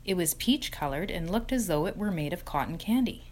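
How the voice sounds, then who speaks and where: A woman narrating a children's book chapter in an expressive storytelling voice. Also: lowish voice, brisk. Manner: expressive, sing-song storytelling. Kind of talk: storybook reading.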